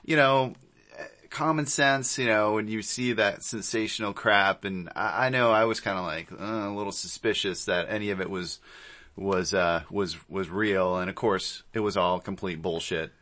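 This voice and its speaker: A man co-hosting a comedy podcast in casual, laid-back chat, slangy and quick to laugh. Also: lowish voice, bright, forceful tone. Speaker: podcast co-host.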